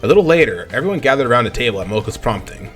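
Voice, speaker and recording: Brief: young male let's play host, quick, lively reading of game dialogue, stumbles and self-corrects. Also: mid-range voice. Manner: animated, stumbling over words. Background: game music.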